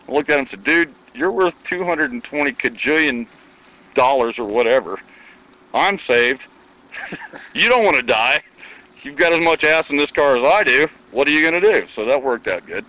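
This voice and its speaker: A man's voice: fairly high pitch, normal speed, poor audio. A man from Iowa telling a long, folksy anecdote in casual conversation, acting out the dialogue as he goes. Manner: folksy, animated storytelling with quoted dialogue. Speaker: guest storyteller.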